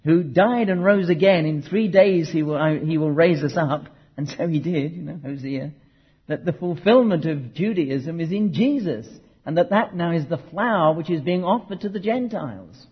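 A man's voice: a little high, normal speed, breathy edge. A man preaching a teaching sermon, emphatic and conversational, with asides to his listeners. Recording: muffled hall recording with long reverb.

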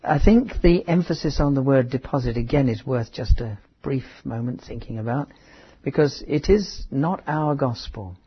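A man preaching a conversational Bible teaching, halting, with restarts and asides. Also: medium pitch. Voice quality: very husky. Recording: dull lo-fi sermon recording.

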